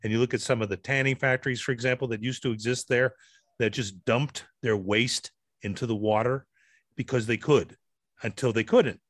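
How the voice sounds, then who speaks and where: A man from Massachusetts co-hosting a podcast, arguing his point in an earnest, steady way. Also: mid-range voice, moderate pace, no echo, studio quality. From Massachusetts, USA. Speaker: podcast co-host. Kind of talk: casual podcast chat.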